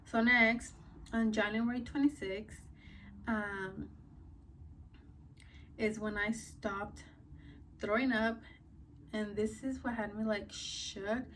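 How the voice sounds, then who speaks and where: A woman's voice: medium pitch, fairly even intonation, takes it slowly, pauses often, fairly bright tone, recorded from a distance, a little hiss or hum. A young woman vlogger telling a casual story, chatty and full of "like" and "um", a little out of breath. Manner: chatty, many fillers like "like" and "um".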